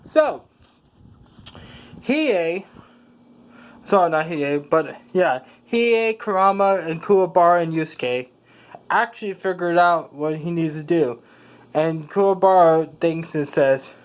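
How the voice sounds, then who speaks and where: Slow, halting fan storyteller. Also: medium pitch, rough recording. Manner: halting, with many fillers and self-corrections. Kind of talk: casual rambling retelling.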